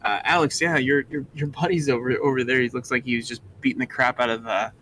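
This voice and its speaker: A man's voice: medium pitch, steady tone, fast talker, fairly bright tone, a little hiss or hum, lightly acted. A man voicing a friendly young woman adventurer who stammers in a flustered way.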